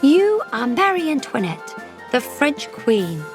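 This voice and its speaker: A woman's voice: high-pitched, sing-song, slow, music in the background, voice pushed up, heavily acted. A woman voicing a boastful, scatterbrained grown-up babysitter in a children's storybook, speaking grandly and cheerfully.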